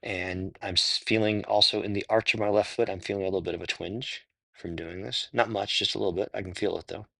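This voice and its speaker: Low-pitched man with a gravelly edge, easygoing and self-correcting as he talks through floor stretches. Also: steady tone, fairly quick, sharp tone, dry recording. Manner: thinks aloud, self-correcting, grunts with effort. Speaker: stretching instructor. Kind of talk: casual spoken walkthrough of stretches.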